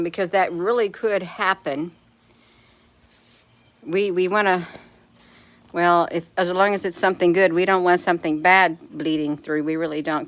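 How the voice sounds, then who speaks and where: A woman's voice: lowish voice, fairly bright tone. Folksy middle-aged woman chatting live. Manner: folksy and chatty, laughs often, calls viewers honey. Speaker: livestream host reading viewer comments. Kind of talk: casual live chat.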